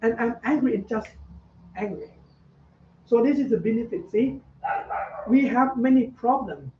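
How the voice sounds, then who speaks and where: A man who is a Buddhist monk giving a meditation talk to students, in halting non-native English, repeating key words. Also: high voice, slight background noise. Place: meditation center. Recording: echoey, dull, from far off.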